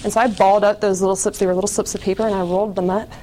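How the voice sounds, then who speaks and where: A woman's voice: medium pitch, flat delivery, rapid-fire, mellow, slight background noise. A woman giving a casual personal testimony to an audience, candid and chatty, full of "like" and small laughs at herself.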